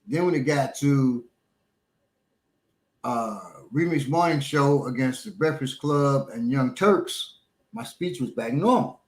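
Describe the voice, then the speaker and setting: A middle-aged man talking casually as a show host, his speech a little slurred and halting, with many pauses and fillers. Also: medium pitch, echoey room, rough recording. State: slightly slurred speech after a small stroke. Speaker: podcast host and instructor. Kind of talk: casual chat.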